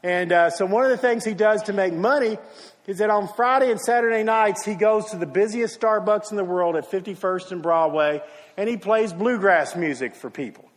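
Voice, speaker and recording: Preaching in a church sanctuary, a male pastor with a high-pitched voice at normal speed tells a story, acting out the quotes and singing briefly. The recording has the long hall reverb of a church.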